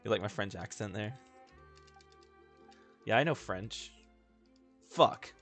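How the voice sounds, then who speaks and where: A gaming video host chats and rambles casually while playing, laughing often and making jokes at his own expense. His voice is on the low side, unhurried and fairly bright, with faint game music in the background.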